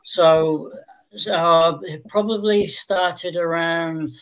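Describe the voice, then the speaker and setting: Man, interview guest, measured matter-of-fact talk, slightly high voice, flat intonation. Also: rough recording. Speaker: guest, channel owner. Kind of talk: casual video-call interview.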